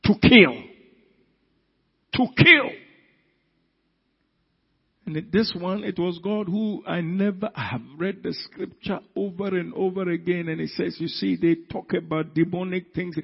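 A man preaching a sermon, telling the story dramatically with sudden loud emphatic peaks. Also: sits high, fairly even intonation, moderate pace, gravelly, husky. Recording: dull sound in a reverberant hall.

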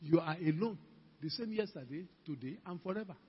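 In a church hall, an older pastor preaches a fervent sermon, acting out quoted conversations as he exhorts the congregation. His fairly high, animated voice moves fairly quickly with a breathy edge, captured in a dull lo-fi recording with long reverb.

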